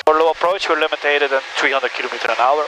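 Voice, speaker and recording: Quick, slightly higher-voiced male test pilot, matter-of-fact, headset with engine noise. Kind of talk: explaining while flying. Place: small aircraft cockpit in flight.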